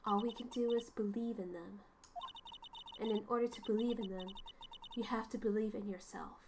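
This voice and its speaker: A woman voicing a calm young lawyer who speaks gently and in a measured way to her little sister. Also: medium pitch, noisy background, pitched below the performer's own voice, lightly acted. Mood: gentle. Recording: game music behind.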